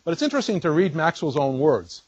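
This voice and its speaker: A man's voice: a little high, sing-song, fast talker, slightly rough, no room sound, highs cut off. A man lecturing at a university physics colloquium, explaining step by step with fillers and restarts.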